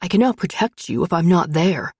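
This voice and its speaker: Woman reading a gruff protective guy in a storybook, low husky voice, dry sound. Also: sing-song, brisk, a little mellow, no echo, exaggerated voice. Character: brooding possessive young man, protective.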